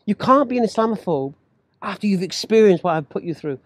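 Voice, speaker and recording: Fast-talking man telling stories. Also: sits high, no room sound. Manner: animated, acts out quoted voices, laughs while talking. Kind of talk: casual storytelling chat.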